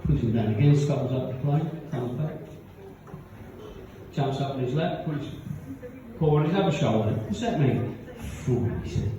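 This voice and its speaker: A man's voice: medium pitch, normal speed, background noise. A man telling rambling stand-up jokes at a pub gig, laughing at his own punchlines. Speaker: stand-up comedian. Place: pub function room with live audience. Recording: echoey, distant, dull audience recording.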